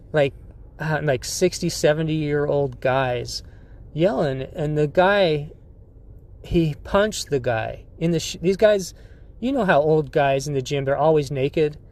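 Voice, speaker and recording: A man's voice: fairly high pitch, a little mellow. A man hosting a podcast, telling a rambling, profane story with frequent laughter and restarts. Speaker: podcast host. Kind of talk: casual storytelling.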